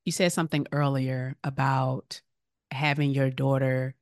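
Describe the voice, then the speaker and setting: A woman with an unusually deep voice hosts a podcast interview. She affirms her guest often and asks questions in a casual, encouraging way. The sound is close and dry with no room echo. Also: level tone, a little slow. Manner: encouraging, affirming listener with frequent "yeah" and "mm-hmm". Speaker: podcast host.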